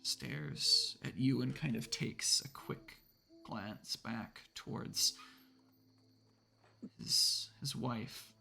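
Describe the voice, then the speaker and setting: A man's voice: mid-range voice, huge pitch swings, drawn-out words, vocal fry, sharp tone, soft background music. A man narrating a tabletop horror game as game master, meandering with many hedges and fillers.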